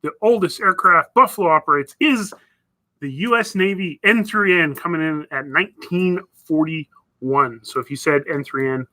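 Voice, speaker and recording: A man's voice: a little high, normal speed, pushed and bright, rough recording. A man from northern Canada hosting a casual live stream, rambling and chatting as he reads viewer messages. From Northwest Territories, Canada. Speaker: livestream host.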